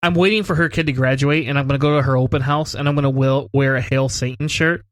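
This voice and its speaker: A man's voice: mid-range voice, steady tone, fast talker, fairly bright tone, dry recording. A man co-hosting a podcast, telling stories in casual chat, laughing often and swearing casually. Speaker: podcast co-host.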